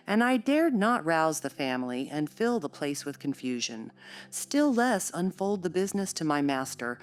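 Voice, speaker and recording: A woman narrating a classic novel in a measured, steady storytelling voice. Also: sits low. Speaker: audiobook narrator.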